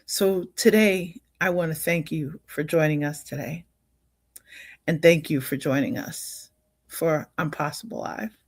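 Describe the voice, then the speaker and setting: A woman's voice: low-pitched, no echo, studio quality. An older woman hosting a livestream in a casual, upbeat way, often laughing and greeting viewers by name. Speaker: livestream host.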